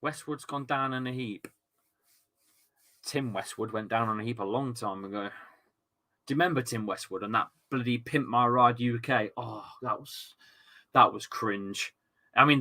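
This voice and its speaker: A man hosts a live football watchalong, talking straight to his viewers in a loose, chatty way. His voice is bright and forceful, and he swings between easy banter and shouted, sweary outbursts at the play. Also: medium pitch, normal speed. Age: adult with a young son. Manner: excitable, shouts and swears at the match, chats with viewers. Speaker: livestream watchalong host.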